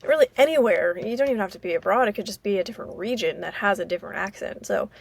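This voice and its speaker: An American woman from Maryland hosting a casual solo podcast, rambling and halting with many fillers. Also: mid-range voice, creaky, breathy edge. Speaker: podcast host.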